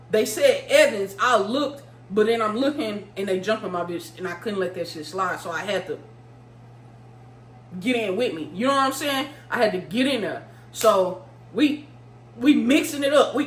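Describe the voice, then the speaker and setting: A young woman vlogger telling a story casually, animated and profane, throwing in vocal sound effects. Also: fairly high pitch. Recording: roomy room with faint hum.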